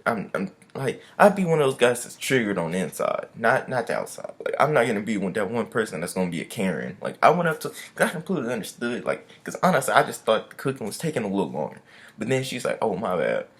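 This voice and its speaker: Casting: young male vlogger, low voice, lively swings, relaxed storytime rant. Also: quick pace. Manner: chatty, loose, repeats "I was like".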